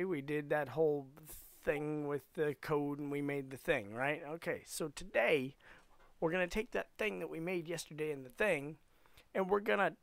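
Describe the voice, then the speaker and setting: A man's voice: a little high, gravelly, no room sound. A man streaming a casual coding lesson, playful and rambling, slipping into silly voices as he works.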